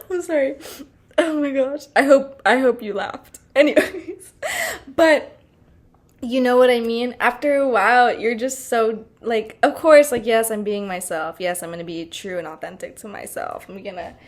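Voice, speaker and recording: A woman's voice: on the high side, animated, measured pace. A young woman hosting a podcast, talking casually in a chatty, bubbly, fired-up way with lots of fillers and laughter. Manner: frank and fired-up, with frequent laughter. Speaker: podcast host.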